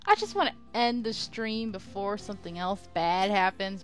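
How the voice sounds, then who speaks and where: A woman's voice: medium pitch, lively intonation, slow, faint music behind. A woman streaming a story game, chatting giddily, laughing a lot and reading her own lines aloud. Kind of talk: live game commentary.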